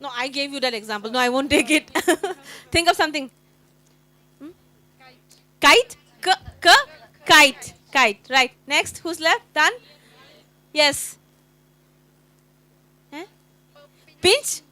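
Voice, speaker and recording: Indian lady teacher trainer, pretty high voice, repeats letter sounds over and over quizzing the teachers. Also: animated, slow, pauses often, bright, forceful tone. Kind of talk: phonics workshop for teachers.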